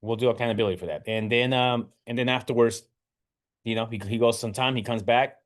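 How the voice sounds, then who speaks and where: A man's voice: medium pitch, steady tone, fast. A man hosting a casual talk, retelling a parable in a rambling way with many restarts. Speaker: host.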